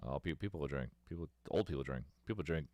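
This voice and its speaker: A man's voice: extremely low pitch, fast talker, darkish tone. A man in his thirties chatting casually on a livestream, telling rambling stories and laughing often. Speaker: streamer.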